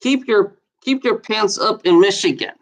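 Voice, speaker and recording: A mid-range voice at normal speed comes through a rough recording as a vlogger works through a list of bizarre laws. Between readings there's scoffing laughter, and the rants are full of swearing and exasperated disbelief.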